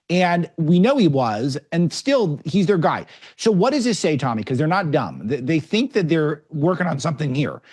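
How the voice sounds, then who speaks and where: A man's voice: on the high side, darkish tone. A middle-aged man appearing as a guest, arguing political points in an emphatic way. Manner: emphatic, argumentative. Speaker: guest commentator. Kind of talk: political commentary.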